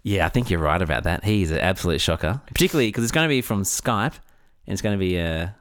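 A man co-hosting a casual chat, often laughing and jumping into high, mocking impressions. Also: expressive, quick pace, a bit bright, smooth, no echo, clean studio sound. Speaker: podcast co-host.

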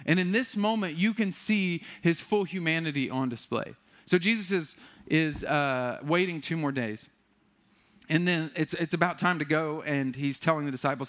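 A man delivering a sermon in an easygoing, chatty way, slipping into playful acted-out voices for the people in the story. His voice sits a little higher than most men's. It sounds like a young adult pastor talking straight to his congregation. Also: fairly quick, a bit bright. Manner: conversational, playful, acts out quotes.

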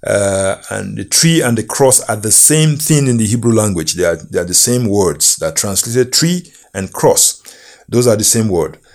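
Slow, emphatic male preacher, low voice. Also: lively intonation, a little mellow. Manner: emphatic, slow and measured, quoting scripture. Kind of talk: sermon.

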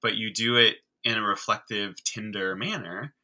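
A man's voice: lowish voice, steady tone, moderate pace, sharp tone, rough recording. A man, a guest who teaches sign language, explaining eagerly and chattily in a conversational podcast interview.

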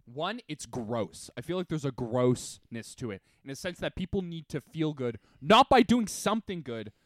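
A man co-hosting a casual podcast, telling stories in an animated, agreeable way. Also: a little high, moderate pace, no room sound, clean studio sound. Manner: animated, agreeable, excitable storytelling. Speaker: podcast co-host. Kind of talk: casual chat.

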